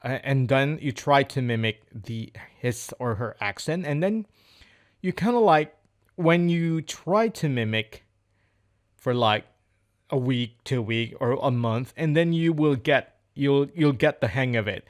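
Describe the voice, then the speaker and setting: A man with a medium-pitched voice and lively intonation speaks unhurriedly in an unscripted monologue for English speaking practice. He sounds hesitant, often groping for words and repeating phrases.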